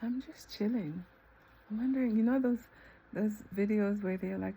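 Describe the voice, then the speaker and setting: A woman talks to the camera in a loose, reflective monologue, full of fillers and false starts. Now and then she jumps to high, incredulous exclamations. A faint hiss sits under the recording. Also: lively intonation, a little fast, mellow. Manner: rambling, filler-heavy, with sudden high exclamations. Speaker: vlogger. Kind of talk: reflective self-talk monologue. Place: eating ice cream while filming herself.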